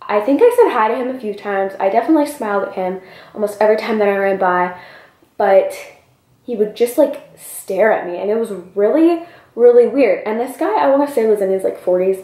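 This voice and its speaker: A young woman vlogger telling a story in an animated, breathless way, peppered with "like", in a roomy space. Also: medium pitch, brisk. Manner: animated, breathless retelling full of "like". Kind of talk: storytime vlog.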